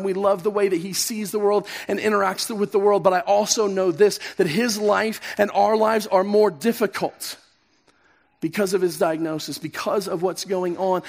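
A middle-aged male pastor preaching a sermon, swinging from emphatic peaks down to soft, quiet passages. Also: sits high, steady tone, a little fast, creaky. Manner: impassioned, rising to emphatic peaks then dropping soft. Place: church sanctuary.

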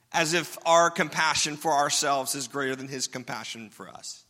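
A man's voice: a little high, moderate pace, few pauses, pushed and bright. A man preaching a sermon as pastor, talking conversationally and checking in with the congregation. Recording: long reverb of a large hall.

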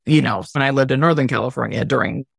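A woman's voice: very deep voice, quick pace, gravelly, breathy edge, no echo, clean studio sound. A woman hosting a casual podcast interview, chatting and often trailing off mid-sentence. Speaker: podcast host, wedding music business owner.

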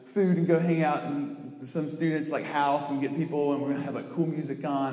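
A man's voice: a little high, steady tone, fairly quick, a little mellow. Chatty young man preaching in an echoey hall. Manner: chatty, self-mocking, lots of "like". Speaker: campus minister preaching. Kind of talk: sermon with storytelling. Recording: echoey hall, long reverb.

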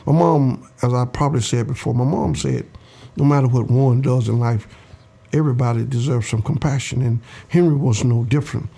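An older man, his voice gravelly and mellow. He tells his story to an interviewer slowly and earnestly, and he acts out the voices of the people he quotes. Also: medium pitch. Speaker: interview guest.

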